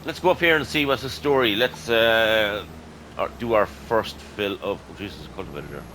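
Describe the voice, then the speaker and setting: An Irish man giving casual, excitable gameplay commentary and chatting to his viewers as "lads". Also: fairly low pitch, normal speed, slight background noise, rough recording. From Ireland. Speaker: gaming YouTuber.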